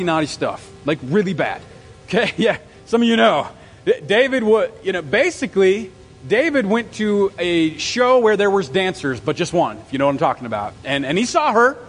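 A male pastor preaching a sermon in an animated way, repeating phrases for emphasis with stumbling restarts. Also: sits high, big-room sound, poor audio. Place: church service.

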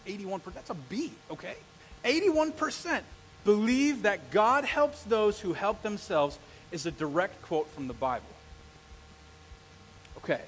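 A middle-aged male pastor preaching a sermon, telling stories and acting out the quotes with lively energy. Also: sits high, low-quality recording. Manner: animated storytelling with acted-out quotes.

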